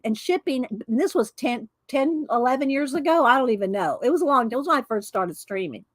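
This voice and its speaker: A woman's voice: sits high, expressive, brisk, few pauses, no room sound. A woman hosting an art livestream, chatting casually and rambling as she thanks viewers by name. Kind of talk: casual chat.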